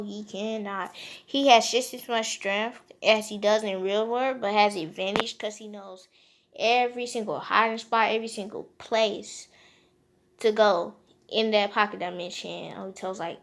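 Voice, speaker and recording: A woman's voice: mid-range voice, normal speed. A woman casually retelling a fan-made story off the cuff, rambling with lots of fillers and joking asides.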